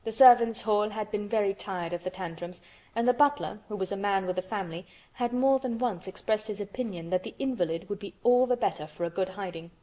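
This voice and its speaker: Woman reading a storybook aloud. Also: mid-range voice. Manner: steady, measured reading. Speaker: audiobook narrator. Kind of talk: scripted narration.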